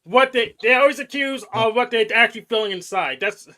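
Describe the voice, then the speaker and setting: A man's voice: extremely high pitch, fairly quick, bright, forceful tone. A man on a stream panel firing back with mocking, needling retorts.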